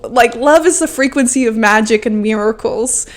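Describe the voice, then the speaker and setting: A woman's voice: fairly high pitch, moderate pace, few pauses. A woman in her early twenties giving a fervent, emotional self-help monologue as a podcast host, often saying "like" and swearing freely. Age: 20s.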